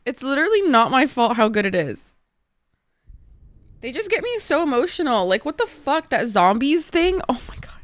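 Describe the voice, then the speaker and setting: A young woman streamer chatting casually with viewers, excitable and swearing, laughing often. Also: on the high side, normal speed, long pauses, no room sound. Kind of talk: casual gaming stream chat.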